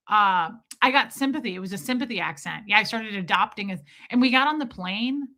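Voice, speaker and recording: A woman from Nebraska telling a self-deprecating travel story on a live stream in a casual, animated way. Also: medium pitch, fairly quick, few pauses. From Omaha, Nebraska, USA.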